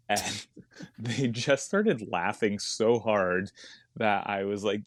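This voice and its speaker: A man's voice: lowish voice, unhurried, no echo, studio quality. A man, a stand-up comedian chatting as a podcast guest, rambling into tangents and laughing often. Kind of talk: casual podcast chat.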